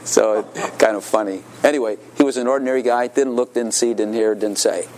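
A man's voice: on the low side, fairly even intonation, fairly quick, a crowd in the background. A man telling a casual anecdote, chuckling as he goes and acting out the voices of the people he quotes. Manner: chuckles through his story, acts out voices in quotes.

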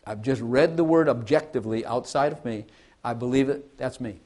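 A man's voice: mid-range voice, moderate pace, mellow. A man preaching a sermon in an earnest, conversational way, asking his listeners questions and often repeating and restarting his phrases. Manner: repeats and restarts phrases, varies volume widely.

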